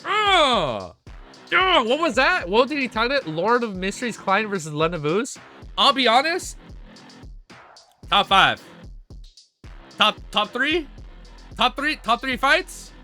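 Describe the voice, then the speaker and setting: A man live-streaming his reactions, excitable and hyped, with casual slang and swearing. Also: high voice, a little slow, long pauses, faint music behind. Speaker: streamer reacting to a web novel.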